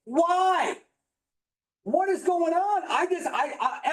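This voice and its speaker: A man giving an emphatic, preachy, high-energy motivational talk to a live audience, at times yelling. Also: animated, slow. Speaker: motivational speaker at a business training. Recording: roomy echo in a hall.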